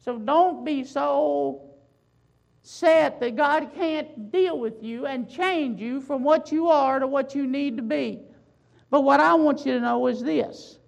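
A woman preaching a sermon, building emphasis with loud swells and slow, drawn-out phrases. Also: high voice, vocal fry, muffled recording.

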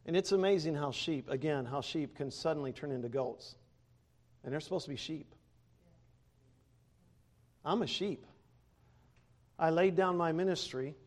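Guy preaching, high voice, gets loud then drops real quiet, lots of chuckles. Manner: animated, swings from loud to quiet, laughs between points. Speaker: preacher, former pastor. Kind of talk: sermon.

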